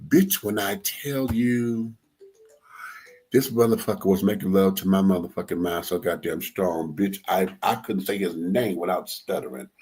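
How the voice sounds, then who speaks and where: Husky low-voiced man telling a story. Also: normal speed. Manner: animated, profane, laughing storyteller. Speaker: radio show host. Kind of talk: casual storytelling chat.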